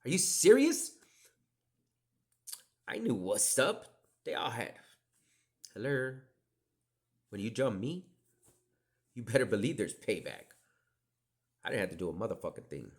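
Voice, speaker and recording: In a fairly low, sing-song voice at normal speed, pausing often, a middle-aged man spins rambling stories on his podcast. He's profane and digressive, regularly lowering to a whisper for asides.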